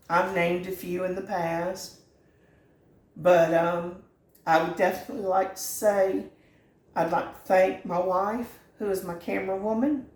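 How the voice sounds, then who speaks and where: A woman's voice: lowish voice, steady tone, measured pace, roomy sound. A middle-aged woman, hosting a home cooking channel in a folksy, earnest and sentimental chat from her kitchen. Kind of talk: heartfelt direct-to-camera chat.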